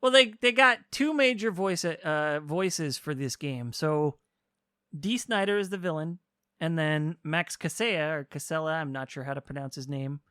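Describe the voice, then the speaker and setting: A man co-hosting a casual podcast, explaining a story with animated retelling and quick acted-out lines. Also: a little high, clear, resonant tone, no echo, studio quality. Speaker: podcast co-host explaining a game. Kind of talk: casual chat.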